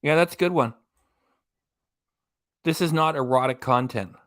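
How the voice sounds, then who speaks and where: A man's voice: fairly high pitch, measured pace, fairly bright tone. A man hosting a live reaction stream, giving casual running commentary with dry asides and reading out quotes. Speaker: reaction channel host.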